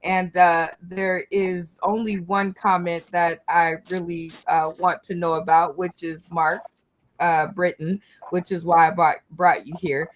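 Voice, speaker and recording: Brief: unhurried, gushing game show host on a video call. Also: medium pitch, flat delivery. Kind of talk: casual hosting.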